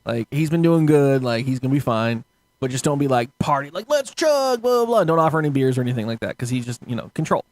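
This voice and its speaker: A man's voice: medium pitch, fast talker, no room sound. A young man telling stories in casual podcast chat, swearing often and acting out other people's voices. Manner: animated storyteller, swears often, acts out voices.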